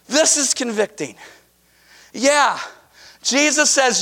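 A man preaching a sermon emphatically, moving between raised shouts and hushed asides. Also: high voice, animated, measured pace, long pauses.

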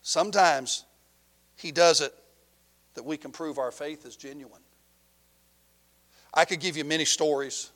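A middle-aged man preaches a sermon, telling a story with passion as his voice rises loud and then drops low. The recording carries a long hall reverb.

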